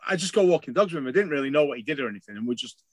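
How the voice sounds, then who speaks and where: A man talking quickly and eagerly on a casual podcast, sentences tumbling over each other and peppered with swearing. His voice is recorded close and dry, with no room sound at all. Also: mid-range voice, lively intonation, dry recording. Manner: swearing, rambling, enthusiastic. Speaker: podcast co-host.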